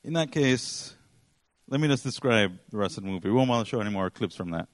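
A man's voice: on the low side, lively intonation, fast, no echo. A man preaching a sermon, retelling a story in a rambling, casual way with frequent fillers.

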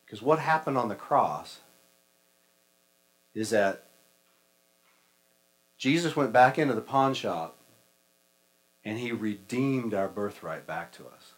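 A man's voice: lowish voice, animated, slow, long pauses, poor audio. A male preacher giving a sermon in a folksy, conversational and humorous way.

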